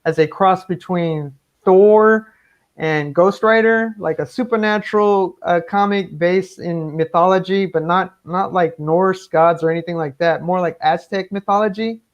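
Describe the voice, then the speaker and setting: A man's voice: high voice, unhurried, lo-fi sound. A man, a guest comic artist, chatting casually over a video call, rambling with many fillers and restarts. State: voice cracking from talking. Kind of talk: casual interview chat.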